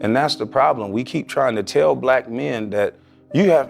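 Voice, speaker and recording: Man, gravelly creaky voice, blunt and emphatic, guest on a podcast interview, faint music behind. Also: medium pitch, animated, normal speed. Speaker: interview guest, former pro basketball player.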